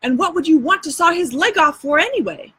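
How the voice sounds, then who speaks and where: A woman's voice: sits high, animated, brisk, a bit bright, dry recording, pitched above the performer's own voice. A woman reading aloud and voicing a practical, doubtful boy who asks blunt questions in folksy dialect.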